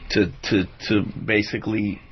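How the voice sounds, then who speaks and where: A man co-hosting a radio show, calmly chiming in and finishing the host's thoughts. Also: fairly low pitch, moderate pace. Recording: lo-fi radio recording with faint noise.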